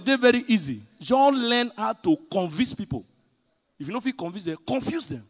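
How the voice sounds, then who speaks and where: A man with a Nigerian accent performing a stand-up comedy set in pidgin, telling stories with big swings between loud punchlines and hushed asides. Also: very high voice, very animated, moderate pace. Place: large hotel event hall. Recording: live hall reverb.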